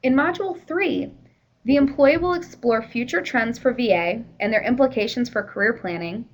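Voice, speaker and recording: A woman's voice: fairly high pitch, normal speed, poor audio. A woman presenting a workplace training session in a conversational, explanatory way, with the odd "you know".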